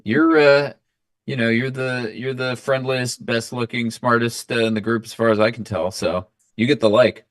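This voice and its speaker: A man, a guest on a chat stream, explaining his reasoning in a thoughtful, measured way. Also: medium pitch, fairly even intonation, no echo, clean studio sound. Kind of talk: casual chat.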